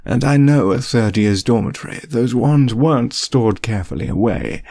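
A man's voice: mid-range voice, lively intonation, normal speed, creaky, warm tone. A man voicing an earnest, desperate grown wizard in an audiobook reading, speaking with urgent, pleading questions. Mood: anguished.

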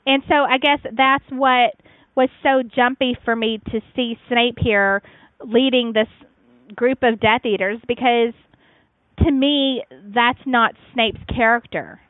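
A woman's voice: on the high side, steady tone, slow pace, no room sound. Woman, casual podcast chat, rambling with fillers, dry phone-quality line. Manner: chatty, rambling, frequent fillers and restarts. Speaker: podcast co-host reviewing fan fiction.

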